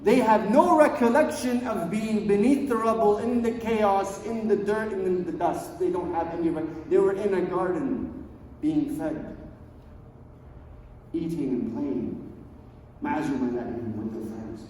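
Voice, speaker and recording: A man preaching a sermon, swinging between hushed low lines and loud emphatic ones, and reciting verses quickly in a chanting tone. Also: slight background noise. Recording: echoey hall, voice far from mic.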